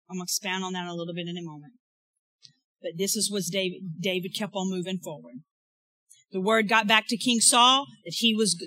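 A woman pastor preaching a sermon, rising to loud exclaims and dropping to quiet asides. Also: mid-range voice, no room sound, poor audio.

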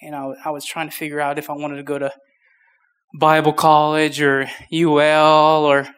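A man's voice: a little high, completely flat delivery, moderate pace, a bit bright, clear, resonant tone. A young man in his twenties preaching a casual youth sermon, short of breath, with many restarts and fillers. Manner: informal, rambling, many restarts. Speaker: youth pastor.

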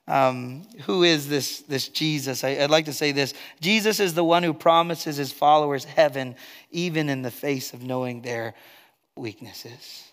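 A man preaching a sermon as pastor, earnest, swinging between loud emphatic stretches and quiet, low asides. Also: steady tone, normal speed, in a large hall. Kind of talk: expository sermon.

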